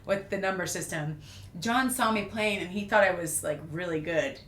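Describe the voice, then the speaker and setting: A woman on a podcast, telling a self-mocking story in a casual, animated way and laughing often. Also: fairly low pitch, normal speed. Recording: echoey room with faint noise.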